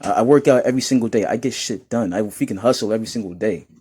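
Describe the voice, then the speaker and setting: Laughing and ranting with animation, a young man from New York mocks the comments he reads out in casual commentary. His voice is fairly low and slightly rough, and he talks fast.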